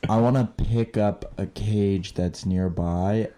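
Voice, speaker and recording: A man's voice: lowish voice, fairly even intonation, slow pace, warm tone. A man playing a tabletop game, talking in a laid-back way. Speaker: player. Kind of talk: casual play at the table.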